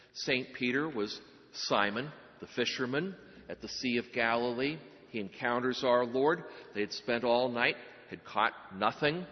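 A man preaching a sermon, telling the story earnestly and pausing for effect. His voice carries a long, lingering reverb, and the sound is a little dull and muffled. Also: mid-range voice. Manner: earnest storytelling, dramatic pauses.

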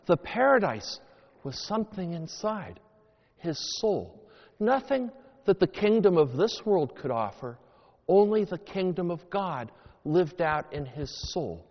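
A man preaching a homily as a priest, with slow, deliberate phrasing that rises and falls dramatically. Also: expressive. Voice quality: sweeping highs and lows, slow deliberate delivery. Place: church. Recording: long church reverb, dull lo-fi sound.

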